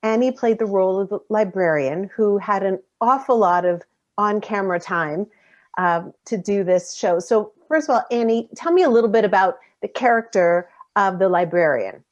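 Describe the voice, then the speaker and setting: Upbeat woman host on a muffled call. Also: medium pitch. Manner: upbeat, measured introductions. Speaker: interviewer host. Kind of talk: hosting a behind-the-scenes interview. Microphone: video call. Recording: muffled lo-fi video call audio.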